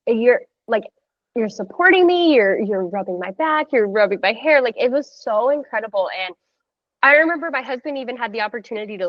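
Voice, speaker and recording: A woman in her thirties telling her birth story in a casual, animated way, full of "like" and acted-out quotes. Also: on the high side, no room sound, highs cut off. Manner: animated, heavy use of "like", acts out quoted voices. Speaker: podcast guest sharing a birth story.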